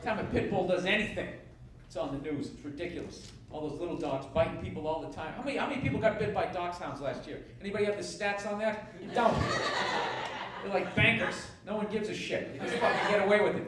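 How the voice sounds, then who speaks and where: High-voiced man ranting on stage. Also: fast talker. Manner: ranting, sarcastic, profane. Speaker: stand-up comedian. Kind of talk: stand-up routine. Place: comedy club stage. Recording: echoey distant recording with loud noise. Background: audience laughter.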